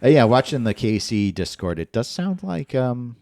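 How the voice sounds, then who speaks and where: A man's voice: medium pitch, very animated, moderate pace, gravelly, a little mellow, no room sound, studio quality. A man co-hosting a gaming podcast in casual chat, rambling and chatty. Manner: rambling, chatty, laughs often. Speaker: podcast co-host.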